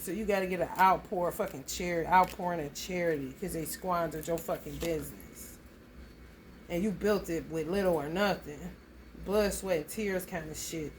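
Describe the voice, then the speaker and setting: A woman's voice: fairly low pitch, slight background noise. A woman, giving a casual astrology reading in a blunt, profane, storytelling way. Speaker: astrology reader. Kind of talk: casual tarot reading monologue.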